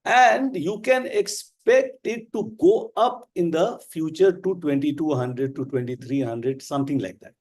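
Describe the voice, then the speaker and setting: A man with an Indian English accent teaching a live class, explaining slowly and with emphasis. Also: fairly high pitch, darkish tone. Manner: slow, deliberate, emphatic explaining. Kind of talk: live online class lecture.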